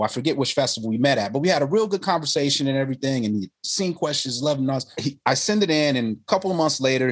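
A man, a filmmaker guest, telling stories in casual conversation and acting out the people in them. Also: medium pitch. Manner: animated, quoting others in lively voices. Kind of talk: conversational storytelling.

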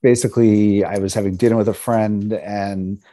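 A man from New York tells personal stories as an interview guest, in a relaxed and humorous way. He slips into the voices of the people he quotes. His voice sits a bit low and has a mellow, warm tone. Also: moderate pace. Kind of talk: casual storytelling.

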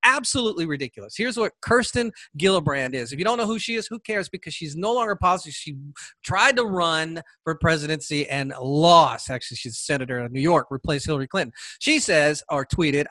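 A man's voice: on the high side, lively intonation, normal speed, sharp tone, dry recording. A man hosting a solo political commentary podcast, talking with sarcasm and mocking asides. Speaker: podcast host.

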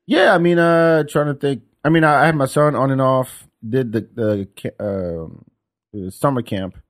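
A man hosting a podcast in casual chat, telling stories and acting out phone calls in an animated way. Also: medium pitch, moderate pace. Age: adult with young son. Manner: animated storyteller, acts out calls. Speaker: podcast host.

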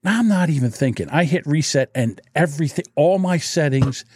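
A man co-hosting a podcast, telling animated stories in casual chat and acting out the people in them. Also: on the high side, normal speed, breathy edge, no echo, studio quality. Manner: animated storyteller, acts out voices in anecdotes. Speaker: podcast co-host. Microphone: studio mic through a mixer.

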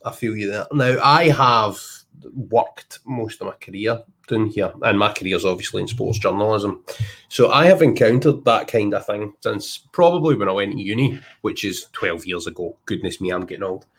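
Scottish man in his thirties, husky podcast host, loose jokey storyteller. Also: lowish voice, lively intonation, normal speed, fairly bright tone. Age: 30s. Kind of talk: casual podcast chat.

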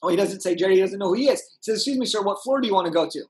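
A young man, a podcast guest, telling an energetic story and acting out the people in it. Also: high voice, rapid-fire, poor audio. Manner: animated, acts out voices in his anecdotes.

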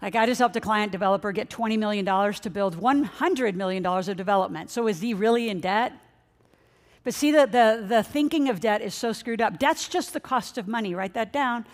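A middle-aged woman, a financial coach, giving an energetic motivational seminar talk and speaking straight to her audience. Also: mid-range voice, brisk. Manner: energetic, excitable, addresses the audience directly. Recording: long hall reverb.

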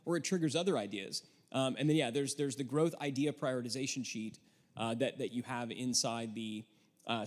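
A man with a mid-pitched voice co-presents to a live audience, upbeat and quick with a joke. He walks listeners through a process in a casual, lively way. A long hall reverb trails his words. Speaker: co-host presenting at a live workshop. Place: event room with an audience.

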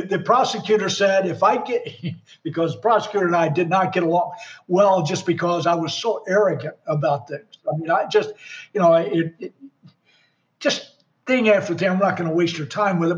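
A man and former lawyer, a guest in an interview, speaking frankly and critically of himself, with halting restarts. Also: high voice. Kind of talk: candid conversational storytelling. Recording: dull lo-fi sound.

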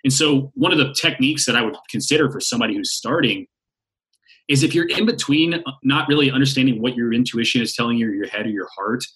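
A man speaking as a podcast guest, animated and playful, with casual swearing. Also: mid-range voice, fast talker. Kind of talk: conversational interview.

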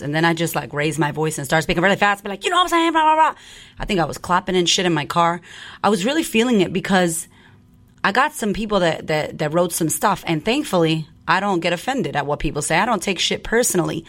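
A woman podcast host and coach talking in a blunt, profane, fired-up way in a casual monologue. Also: mid-range voice.

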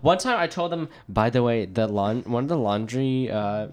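Animated young woman, storytelling. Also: a bass voice, moderate pace. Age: young adult. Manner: animated storyteller, acts out quotes, frequent "like". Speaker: university student. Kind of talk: casual chat.

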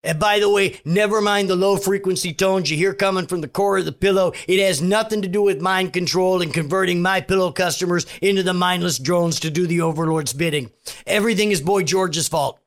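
A man doing an impression of a rambling, conspiratorial middle-aged male pillow salesman with a Minnesota accent. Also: brisk. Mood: manic. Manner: rambling, manic, conspiratorial pitchman. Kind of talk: comedic impression.

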